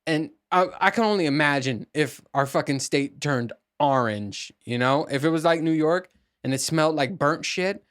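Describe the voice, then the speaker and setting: A man talking through a casual solo podcast monologue, rambling and profane. He stumbles and restarts often. His voice sits a little high for a man. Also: animated, moderate pace, a bit bright, clean tone. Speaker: podcast host.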